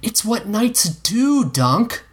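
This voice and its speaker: A man voicing a cheeky, impish young boy squire who teases and needles an older knight, pitched well above his own voice. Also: sing-song, drawn-out words, husky, exaggerated voice. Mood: teasing. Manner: needling, teasing.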